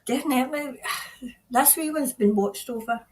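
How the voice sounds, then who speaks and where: Earnest tarot reader, woman, middle-aged, higher voice, halting delivery, repeats herself. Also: low-quality recording. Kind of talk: spontaneous psychic reading.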